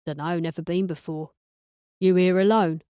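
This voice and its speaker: A cocky, laddish young man speaking bluntly in an audiobook, voiced by a woman narrator who drops her pitch. His lines come out casual and close to the mic. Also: steady tone, moderate pace, warm tone, clear, resonant tone, dry recording, close to an everyday voice. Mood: offhand.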